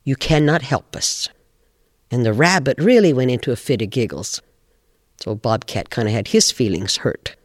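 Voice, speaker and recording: A man from the Pacific Northwest telling a traditional animal folk tale in a measured, animated way. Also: mid-range voice, no room sound, studio quality. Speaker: storyteller. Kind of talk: oral folk storytelling.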